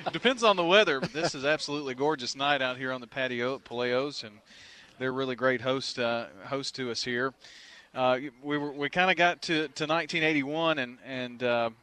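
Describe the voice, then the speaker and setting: Bright, smooth-voiced male radio host. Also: mid-range voice. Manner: friendly, halting, many uh and um fillers. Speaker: radio sports talk show host. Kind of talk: casual radio interview. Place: restaurant patio outdoors.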